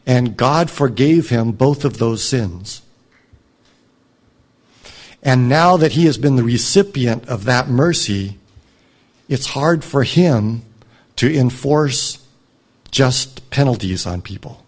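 A man reading a scripture passage aloud and commenting on it as a teacher, in a measured, reflective way. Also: mid-range voice, animated. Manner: measured, reflective, drops soft on moving lines. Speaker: Bible teacher.

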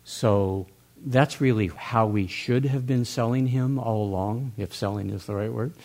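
Older guy in a church talk, low mellow voice, thinks out loud. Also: measured pace. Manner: earnest, musing, with restarts and soft laughs. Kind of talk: reflective church discussion.

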